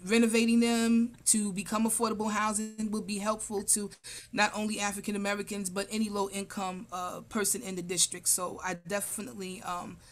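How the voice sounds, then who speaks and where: A woman running for city council, answering interview questions over a video call in a rambling way, full of fillers and restarts. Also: medium pitch.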